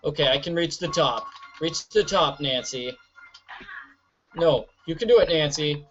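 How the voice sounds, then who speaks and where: A man giving chatty, jokey gameplay commentary as a let's-play host. His voice sits a little high. The recording is dull and lo-fi. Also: a little slow, fairly bright tone. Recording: dull lo-fi audio.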